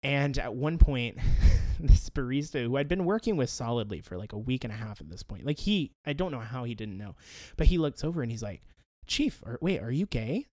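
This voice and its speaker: A young man co-hosts a casual podcast, telling stories with an animated, swooping voice that he keeps lifted in his head register. He laughs often. The sound is dry and close. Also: mid-range voice, brisk, no echo. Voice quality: speaks in a raised head voice. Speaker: podcast co-host. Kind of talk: casual chat.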